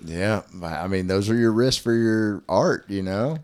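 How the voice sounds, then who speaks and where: A man co-hosting a casual movie podcast, chatty and quick to agree and crack jokes. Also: fairly low pitch, a little mellow, smooth. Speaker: podcast co-host. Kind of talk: casual movie review chat.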